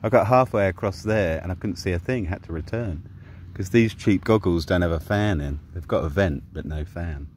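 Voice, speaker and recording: Deep-voiced Englishman vlogging outdoors. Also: normal speed, a little mellow, slight background noise. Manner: chatty, laid-back commentary while walking outdoors. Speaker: vlogger filming drone flights. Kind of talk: casual self-narrated vlog. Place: outdoors by a river at sunset. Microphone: camera mic, exposed to wind.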